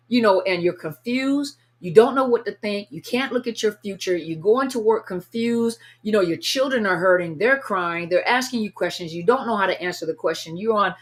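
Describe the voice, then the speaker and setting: Woman, recovery coach, earnest, repetitive, unscripted teaching talk, mid pitch. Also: expressive, moderate pace, hardly any pauses. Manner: earnest, repetitive, acts out inner voices. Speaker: coach on narcissist abuse recovery.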